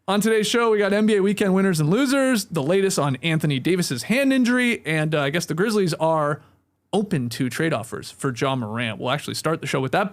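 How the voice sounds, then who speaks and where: Animated Canadian podcast host, high voice. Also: male voice. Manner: upbeat, animated, jokey. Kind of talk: casual sports podcast chat.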